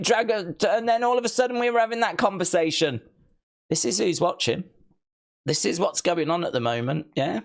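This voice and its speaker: A man's voice: high voice, fairly quick, gravelly. A man hosting a live stream, chatting casually, reading viewer comments aloud and playfully mock-scolding viewers he calls kids.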